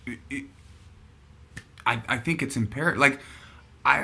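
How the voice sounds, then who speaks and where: A man's voice: mid-range voice, bright, forceful tone. A man hosting a casual chat show, rambling and thinking aloud as he talks. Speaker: podcast host.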